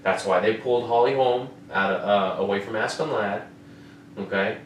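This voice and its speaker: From a room at home with an air conditioner running, a man hosts a casual fight-recap podcast. His voice is on the low side and he speaks at normal speed, cursing frequently and repeatedly asking "you know what I mean?" A distant mic leaves the sound roomy with faint noise.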